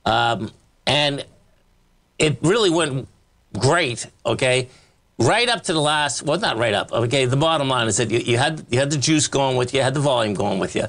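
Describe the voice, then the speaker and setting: Hosting a live trading show, this man goes over charts in a rambling, blunt, emphatic style, punctuated by short laughs, fillers, and a recurring "okay, folks." His mid-range voice has a fairly bright tone.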